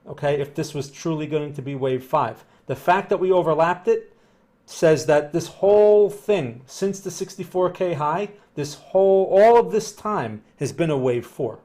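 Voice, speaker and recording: A man's voice: on the high side, normal speed, mellow. A man with a Northern New Jersey accent, live-streaming trading analysis in a conversational, explanatory way and often checking that viewers follow. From New Jersey, USA. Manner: upbeat when greeting viewers.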